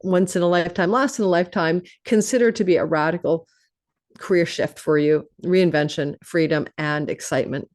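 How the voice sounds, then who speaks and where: A woman astrologer hosting her own channel, giving a fast, animated forecast that runs through long lists of phrases. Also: on the low side. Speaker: astrologer host.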